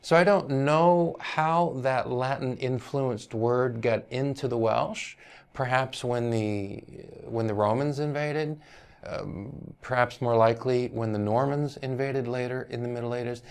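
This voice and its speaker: Gravelly-voiced male teacher lecturing. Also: mid-range voice, steady tone, measured pace. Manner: explanatory, checks in with frequent "right?"; hesitant over foreign pronunciations. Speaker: university teacher. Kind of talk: classroom lecture on language history.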